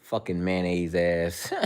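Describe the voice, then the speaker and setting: A man's voice: sits low, steady tone, slow, darkish tone, clean tone. A man hosting a casual livestream, answering viewer chat in a mocking, profane, confrontational way.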